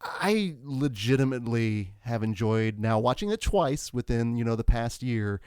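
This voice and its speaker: A man's voice: mid-range voice, animated, moderate pace, darkish tone, clear, resonant tone, no echo. Upbeat male podcast host, dry sound. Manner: upbeat, wraps up segments. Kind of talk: casual chat.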